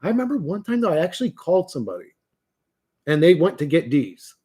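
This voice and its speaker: Man, livestream host, dark mellow voice, blunt, foul-mouthed, rambling casual chat. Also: on the high side, big pitch swings, fast talker, slightly rough. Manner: profane, blunt, rambling with restarts.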